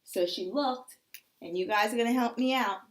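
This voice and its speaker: A woman teacher tells young children a story about clock hands, her voice sitting somewhat high. She speaks in an easy, animated way and keeps checking in with the class. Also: normal speed. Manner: checks in with "okay?" often.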